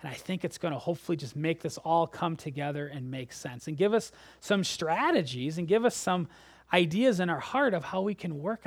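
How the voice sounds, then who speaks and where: A man preaching a sermon. He speaks in animated bursts that rise sharply, then sink to a soft near-whisper at the ends of phrases. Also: a little high, no room sound. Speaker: pastor.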